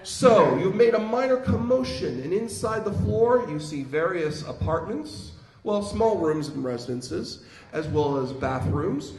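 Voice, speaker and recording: A man running a tabletop game live at a convention panel, narrating in a playful, animated way. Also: high-pitched, unhurried. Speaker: game master. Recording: echoey room, background noise.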